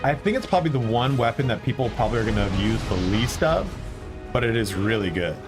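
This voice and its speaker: Over music, a man streams a video game and chats casually with his viewers, rambling, swearing, and exclaiming at events on screen. His mid-range voice is animated and he talks fast.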